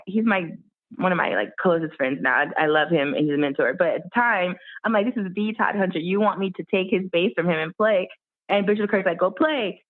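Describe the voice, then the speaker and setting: A woman guest musician telling a story in an interview, animated and acting out the people she quotes. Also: mid-range voice. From Miami. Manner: animated, acts out quoted voices. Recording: tinny phone-like line.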